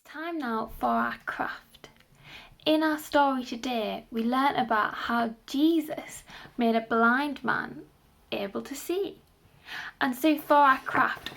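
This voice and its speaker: Woman, children's craft instructions, gentle step-by-step manner, a touch of vocal fry. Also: high-pitched, takes it slowly, a little hiss or hum.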